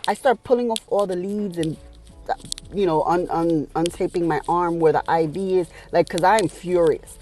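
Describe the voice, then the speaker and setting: Lady vlogger venting a story, lowish mellow voice, swears, gets emotional. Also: soft background music, rough recording. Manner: candid, heated retelling with swearing; emotional, pausing to collect herself. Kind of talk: casual storytelling vlog.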